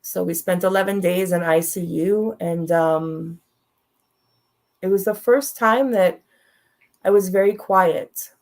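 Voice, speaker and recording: A woman's voice: fairly low pitch, slow pace, long pauses, darkish tone. Frank, direct woman telling a story. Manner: frank and direct, laughs through hard moments. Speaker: guest sharing a personal story. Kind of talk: candid storytelling on a talk show.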